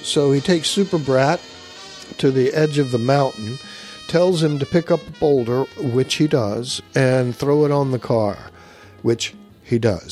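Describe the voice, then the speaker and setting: A man's voice: mid-range voice, darkish tone. Man rambling through a comic recap. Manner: rambling, with frequent uhs. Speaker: comic book commentator.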